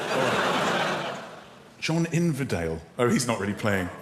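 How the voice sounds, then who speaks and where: A man hosting a comedy show, reading texts aloud in an animated, teasing way, often exclaiming. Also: fairly high pitch, moderate pace, heavy background noise. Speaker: host. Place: TV studio with live audience. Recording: roomy studio with loud audience laughter.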